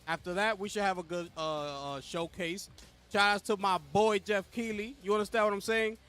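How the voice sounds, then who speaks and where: A man's voice: high voice, fairly even intonation, moderate pace, fairly bright tone, clear, resonant tone, faint music behind. A young man hosting a casual live co-stream, hyped and calling out to his chat with repeated slang. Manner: hyped, talks straight to chat with repeated slang call-outs. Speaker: livestream host.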